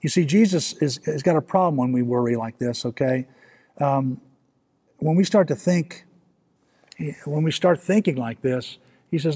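A man's voice: a little high, moderate pace, long pauses, warm tone. A man preaching a sermon as pastor, in a conversational way, often restarting with repeated words and asking the listeners questions.

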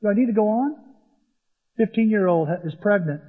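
A man's voice: high voice, a little fast. A man preaching a sermon in a conversational storytelling way, retelling scenes as he goes. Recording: long hall reverb, dull lo-fi.

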